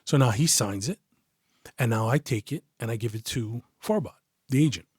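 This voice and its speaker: A man, a retired detective as a podcast guest, telling a story in a casual, profane, animated way. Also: medium pitch, normal speed, slightly rough, no echo, clean studio sound. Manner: profane, animated, acts out quoted voices.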